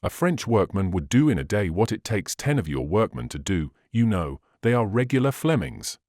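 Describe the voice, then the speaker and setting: A man reading the part of a sly, obstinate male scientist in an audiobook, calm and unbending. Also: lowish voice, normal speed, no echo, studio quality.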